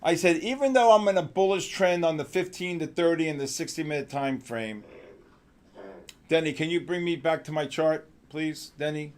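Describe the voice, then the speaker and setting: A man runs a live trading stream, reacting loudly and excitedly to market moves. He bickers in exasperation with his crew between calls, in a voice pitched a little high. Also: moderate pace. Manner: excitable, loud outbursts, exasperated banter. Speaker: trading show host.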